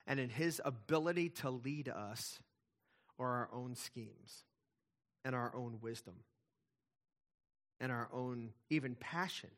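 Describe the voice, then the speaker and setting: A man's voice: mid-range voice, a bit bright. A middle-aged male pastor preaching a sermon, emphatic, with intensity that swells and drops back.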